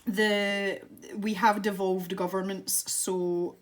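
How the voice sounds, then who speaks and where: A woman's voice: mid-range voice, little pitch movement, slow. A woman with a west-of-Scotland accent, chatting casually and rambling as she colours for a tutorial. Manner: chatty and rambling, self-deprecating. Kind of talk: casual chat while colouring.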